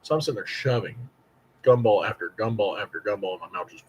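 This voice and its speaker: In a slightly rough, medium-pitched voice, a late-thirties Indiana man speaks quickly over lo-fi sound. As a candy review host, he tells the camera a long childhood story casually, rambling, animated, and voicing the people he quotes.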